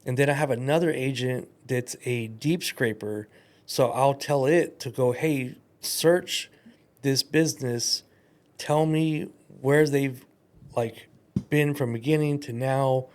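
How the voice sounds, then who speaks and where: A man talking casually on a podcast, telling animated stories and acting out quoted voices. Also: mid-range voice, slow.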